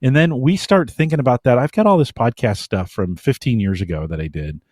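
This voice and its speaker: A man's voice: mid-range voice, animated, brisk, a little mellow, no room sound. A man co-hosting a podcast in casual chat, talking emphatically and giving strong opinions on a close mic. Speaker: podcast co-host.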